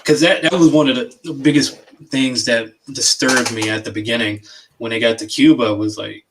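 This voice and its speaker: A man's voice: medium pitch, moderate pace, background noise. A man co-hosting a podcast, swearing freely and telling stories animatedly in casual movie review chat. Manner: animated, profane storytelling. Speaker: podcast co-host.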